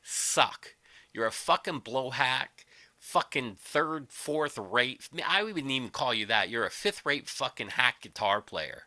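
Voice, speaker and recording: A man ranting on his livestream, combative and sarcastic, with constant swearing. His pitch leaps up and down, and his voice is bright and cutting. The sound is dry and close to the mic. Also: very animated, a little slow, no room sound. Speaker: livestream host. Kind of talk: angry profane rant.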